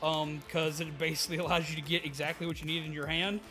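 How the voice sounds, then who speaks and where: A man's voice: on the high side, flat delivery, quick pace, over music. A man casually chatting on a live stream, answering viewers and laughing easily.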